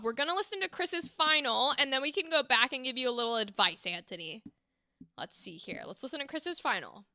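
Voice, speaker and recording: A woman's voice: sits high, sharp tone, no room sound, studio quality. A woman hosting a livestream, reviewing voice acting auditions with enthusiastic, gushing praise. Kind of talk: casual livestream commentary.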